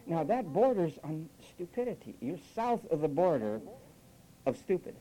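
Lively, sarcastic preacher with a mellow voice. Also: mid-range voice, normal speed, poor audio. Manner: sarcastic, mocks quoted phrases with acted voices. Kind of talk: sermon.

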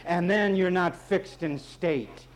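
Emphatic preaching man, slightly high voice. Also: slow. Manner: emphatic, repetitive preaching with folksy asides. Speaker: pastor. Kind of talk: sermon.

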